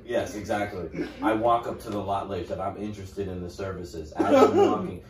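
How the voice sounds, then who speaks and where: A man's voice: deep voice, big pitch swings, moderate pace, crowd noise. Male podcast co-host, crude riffing storyteller, roomy distant camera audio. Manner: crude riffing storyteller, slips into character voices. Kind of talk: crude comedy podcast banter. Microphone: camera mic at a distance. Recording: roomy audio pulled from a video, far from mic, loud laughter. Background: friends laughing.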